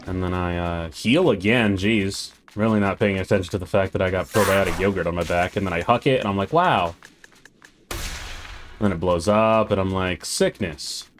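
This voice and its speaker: A man's voice: sits low, fairly even intonation, fairly quick, a little hiss or hum. A man recording a voice-over commentary of his own gameplay, wry, sarcastic and self-mocking. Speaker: gaming channel host.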